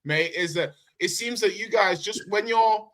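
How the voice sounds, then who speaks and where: A man with a high, ringing voice argues football on a panel stream. He teases and needles his rivals in a loose, combative back-and-forth. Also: a little slow, fairly bright tone. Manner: teasing, argumentative. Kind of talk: heated casual football debate.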